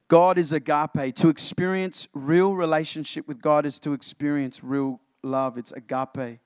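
A man preaching an animated sermon to his congregation, often calling them church. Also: on the high side, unhurried, few pauses, clear, resonant tone, no echo, studio quality. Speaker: pastor.

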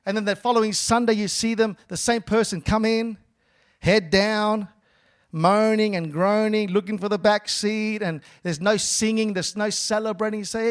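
A man's voice: high voice, fairly even intonation, moderate pace, smooth. A male pastor preaching a sermon, repeating words and calling for responses from the church.

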